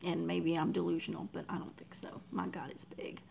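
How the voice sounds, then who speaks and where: Soft-spoken, gravelly woman livestreaming. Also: on the low side, little pitch movement, brisk, slight background noise, poor audio. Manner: emotional, talks softly, drops to near whispers; reads out and thanks viewers in chat. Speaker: livestream host. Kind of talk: casual livestream chat.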